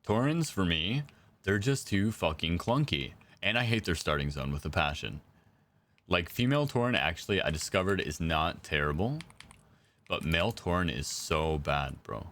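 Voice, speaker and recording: A man's voice: deep voice, expressive, moderate pace, fairly bright tone. A young man chatting casually with viewers while he plays, laid-back and slangy. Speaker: game streamer. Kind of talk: casual live-stream chat.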